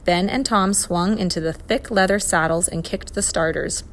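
A woman reading a children's adventure story aloud, expressive and lively. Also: lowish voice, moderate pace. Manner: expressive, voices the characters. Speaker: narrator.

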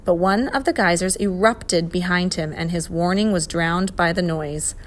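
A woman reading a children's adventure story aloud, expressive and lively. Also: fairly low pitch, moderate pace, slight background noise. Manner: expressive, voices the characters. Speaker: narrator.

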